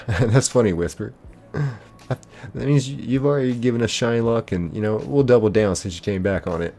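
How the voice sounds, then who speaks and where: A man's voice: mid-range voice, moderate pace. A young man hosting a live game stream, chatting casually and reading out viewer comments. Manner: laid-back, chatty, greets viewers warmly by name. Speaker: livestream host.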